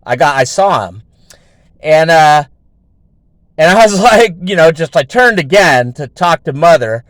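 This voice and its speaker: A man's voice: fairly high pitch, animated, unhurried, a bit bright, no echo. A man hosting his own show, telling a story in a rambling, casual way with heavy swearing and lots of fillers. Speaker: show host.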